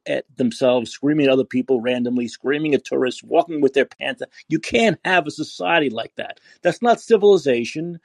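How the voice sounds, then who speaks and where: A New York man hosts a call-in podcast in San Francisco, his fairly high voice creaky, a little mellow, and slightly rough, with no room sound. He rants and swears, often repeating himself as he restarts sentences.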